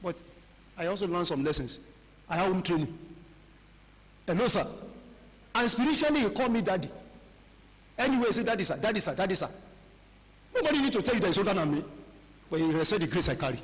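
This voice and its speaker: Middle-aged Nigerian-accented pastor, higher voice, conversational sermon delivery, long hall reverb. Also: male voice, sing-song, fast, pauses often. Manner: conversational preaching, mixing pidgin and Yoruba phrases. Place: large church hall.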